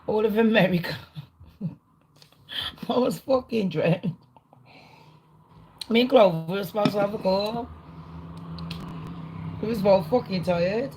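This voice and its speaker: A woman hosting a livestream, ranting casually to her chat in an excitable, rambling way, swearing a lot. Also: mid-range voice, slow, pauses often, a little hiss or hum, low-quality recording. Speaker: livestream host. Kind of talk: casual rant to a live chat.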